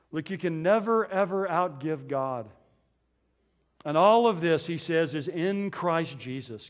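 A man preaching a sermon as a pastor, earnest, slowing down to stress the verses he quotes. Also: on the high side.

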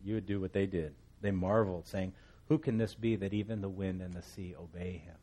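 A middle-aged pastor teaching a Bible passage in a relaxed, conversational way, with storytelling asides. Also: male voice, low voice, fairly quick, breathy edge.

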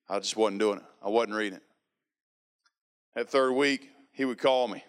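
In his thirties, this man gives an earnest personal faith testimony, telling it as a story and quoting people with animation. His voice is lowish and smooth, moving at a normal speed with long pauses.

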